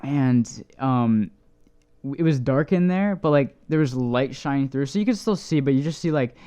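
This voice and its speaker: A man's voice: medium pitch, animated, moderate pace, mellow, smooth. A young man, a podcast co-host, telling a long story in casual chat, full of "like" and the odd swear. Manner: rambling, many "like"s, swears casually.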